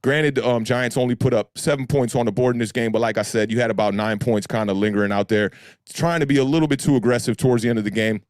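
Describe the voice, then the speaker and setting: A man with a deep voice hosting a casual sports talk show, laid-back and slangy, addressing listeners directly. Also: steady tone, fast talker, a little mellow, no echo, clean studio sound. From United States. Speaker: podcast host.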